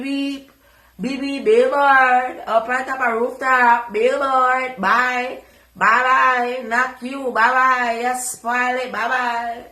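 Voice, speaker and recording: A Jamaican woman putting on a loud, sing-song mocking voice of a boastful woman, recorded in an echoey room. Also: high voice, pitched above the performer's own voice, full character voice.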